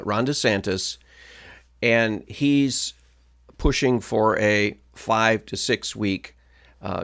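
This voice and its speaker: A man's voice: fairly low pitch, gravelly, a bit bright. A male pastor giving political commentary in a firm, blunt, moralizing way.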